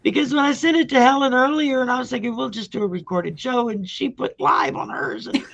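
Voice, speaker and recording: A hoarse woman with a Louisiana Cajun accent hosts a rambling, chatty live chat. Her voice is gravelly and husky. She comes through muffled video call audio. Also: high-pitched, fairly quick, a bit bright. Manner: chatty, rambling, laughs often. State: hoarse from a sore throat. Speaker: host.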